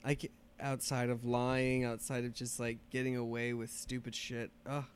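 A man hosting a podcast in casual chat, playful and animated, laughing along. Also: mid-range voice, normal speed, slight background noise. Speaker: podcast host.

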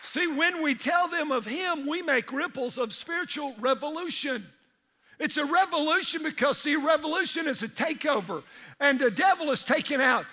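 A male pastor, preaching energetically in church and breaking into shouted asides. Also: very high voice. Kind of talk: sermon.

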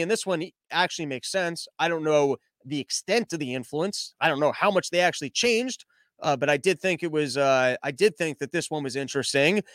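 A man's voice: sits high, fairly bright tone, no room sound. A young man hosting a podcast, casually riffing on news headlines with sarcasm and profanity, and often mocking people in put-on voices. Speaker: podcast host.

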